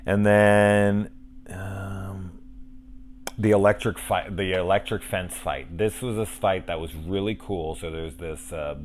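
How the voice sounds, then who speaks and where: Very deep-voiced, excited film reviewer man. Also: slow, slight background noise. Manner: enthusiastic, rambling with restarts and profanity. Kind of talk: casual review monologue.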